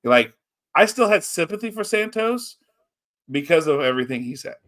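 A man with a somewhat high voice co-hosts a casual wrestling chat show. He rambles through his points with frequent restarts and animated bursts. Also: moderate pace. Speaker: podcast co-host.

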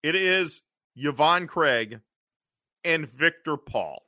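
A man co-hosting a podcast, recapping an old TV episode in an animated way, acting out the characters' lines and often clearing his throat. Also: on the high side, slow, no echo, clean studio sound. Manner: animated storytelling, acting out quotes in funny voices. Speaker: podcast co-host.

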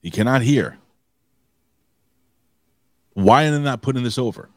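A man's voice: medium pitch, measured pace, darkish tone, no room sound. A man co-hosting a wrestling review podcast, talking casually and animatedly, swearing freely and restarting his sentences. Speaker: podcast co-host.

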